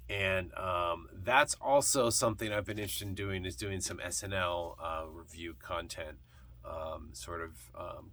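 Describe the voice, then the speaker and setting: Rambling male vlog host, bright voice. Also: low voice. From partly Scottish heritage. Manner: rambling, with many fillers and restarts. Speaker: vlog host reviewing thrift-store records. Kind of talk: casual chat.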